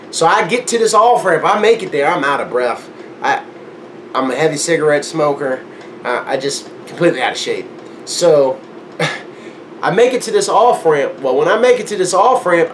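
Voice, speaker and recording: A man's voice: on the high side, normal speed, slight background noise. A man casually telling a long story, acting out the voices in it and laughing often. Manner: animated, acts out quotes, laughs often. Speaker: guest storyteller.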